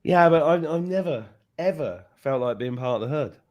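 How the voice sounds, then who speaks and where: A man's voice: a little high, moderate pace. A man hosting a podcast, chatting casually and acting out the voices of people in his story. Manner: animated, acts out quoted voices. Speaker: podcast host.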